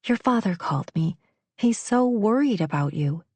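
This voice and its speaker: A woman voicing a brisk young friend who gushes but lacks sympathy. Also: medium pitch, lively intonation, warm tone, husky, dry recording, voice pushed up.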